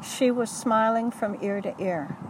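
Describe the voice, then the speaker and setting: An older woman recounting memories in an earnest, halting way, often correcting herself mid-sentence. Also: a little high, recorded from a distance, background noise. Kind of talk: oral history recollection.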